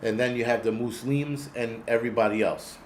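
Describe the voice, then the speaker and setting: A man in his forties, hosting a loose livestream and swearing constantly as he rambles from one gripe to the next. His voice sits at an ordinary middle pitch, with a faint hiss of noise behind it as he answers his chat. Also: steady tone, a little fast. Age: 40s. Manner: profane, rambling, talks back to chat. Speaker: host. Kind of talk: casual livestream rant.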